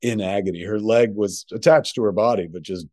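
A man's voice: lowish voice, a little fast, mellow, no echo, studio quality. A middle-aged man co-hosting a podcast from home, telling a long, rambling story packed with profanity. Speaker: podcast co-host. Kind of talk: casual chat.

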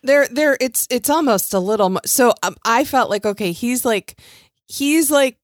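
A woman's voice: fairly high pitch, moderate pace, dry recording, studio quality. A woman co-hosting a podcast, rambling through a reality show recap and acting out quotes. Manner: rambling, restarts, animated quoting. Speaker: podcast co-host.

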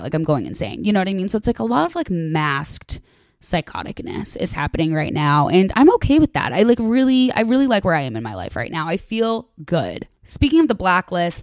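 A woman's voice: fairly low pitch, no room sound. A young woman hosting a podcast in casual solo chat, gossipy and emphatic, full of "like" and swearing. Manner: gossipy and emphatic, heavy "like" filler, rants with swearing. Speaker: podcast host.

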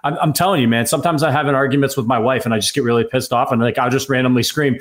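Rambling, animated man in sports chat. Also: medium pitch, fast talker. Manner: rambling, animated, many fillers.

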